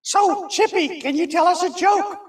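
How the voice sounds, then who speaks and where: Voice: very high-pitched, moderate pace, recorded from a distance. A puppeteer voicing a boastful young male monkey puppet in a church skit, showing off his silly ventriloquism act. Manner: show-off, silly, proud of himself. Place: church sanctuary.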